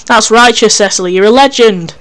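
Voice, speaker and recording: A reader voicing Necron, an excitable laid-back young male partner who talks in upbeat slang. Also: medium pitch, brisk, lightly acted. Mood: hyped.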